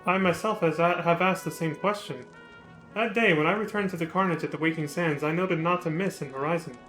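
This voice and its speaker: A man voicing a formal, composed young male scholar, reading game dialogue in a measured way. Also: fairly high pitch, bright, forceful tone, faint music behind, poor audio. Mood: analytical.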